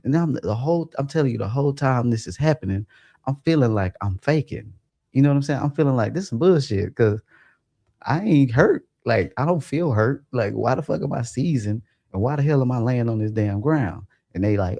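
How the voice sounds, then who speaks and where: Gravelly-voiced man telling a wild story. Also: normal speed, no room sound. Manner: animated, profane, jumps to high pitch when quoting himself. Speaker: livestream host. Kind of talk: casual storytelling about a dream.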